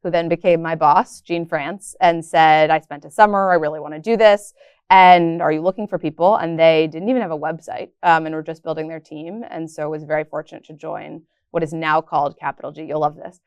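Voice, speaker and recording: Low-voiced measured woman guest. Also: fairly even intonation, clean tone, dry recording, dull audio. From Bay Area, California. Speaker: guest, venture capitalist. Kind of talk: casual interview conversation.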